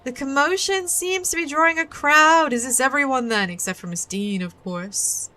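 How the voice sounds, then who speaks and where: A woman streams a horror puzzle game, talking casually and joking about the characters. Her voice is bright and lifted a little high. She keeps up a playful, chatty commentary. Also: moderate pace. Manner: chatty, playful, giggly asides. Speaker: VTuber streamer.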